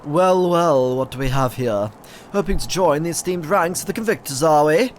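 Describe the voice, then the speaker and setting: A man's voice: a little high, expressive, moderate pace, slight background noise, close to an everyday voice. A man voicing a boastful male dragon-slayer leader in a fantasy game, reading the lines in an old-fashioned, theatrical way. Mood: condescending. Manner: mock-archaic, theatrical reading.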